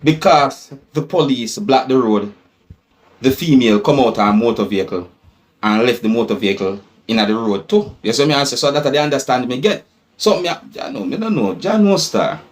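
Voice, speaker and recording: A man's voice: mid-range voice, animated, fairly quick. A man with a Jamaican accent giving casual vlog commentary, musing and rambling, with frequent "you see me" tags. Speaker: vlogger commenting on news clips.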